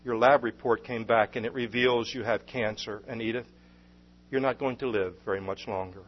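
A man playing a gentle, grave doctor. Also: mid-range voice, fairly even intonation, moderate pace, lo-fi sound, slight background noise, close to an everyday voice. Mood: somber. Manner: gentle, somber.

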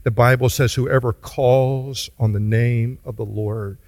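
A man's voice: mid-range voice, fairly even intonation, a little mellow, no room sound. A man preaching a sermon as pastor, earnest and pleading, then leading the congregation in prayer. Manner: earnest, pleading, slow deliberate delivery.

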